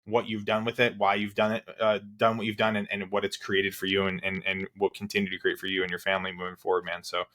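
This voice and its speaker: A man hosts a podcast in a loose, friendly register, calling his guest dude and swearing freely. His voice sits fairly low. He rambles through thoughts with many restarts. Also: monotone, quick pace, few pauses, fairly bright tone. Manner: laid-back, swears, calls guest dude. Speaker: podcast host. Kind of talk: casual interview chat.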